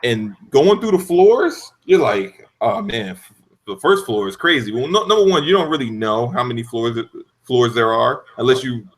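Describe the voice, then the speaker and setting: A man on a gaming podcast telling animated stories in casual talk, with frequent cursing and loud outbursts. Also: medium pitch, normal speed. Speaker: podcast panelist.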